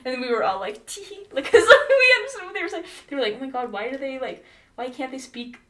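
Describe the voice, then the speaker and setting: A woman's voice: high voice, big pitch swings, fast talker, pushed and bright, distant mic. A young woman telling stories in casual chat, rambling with many fillers and bursts of laughter.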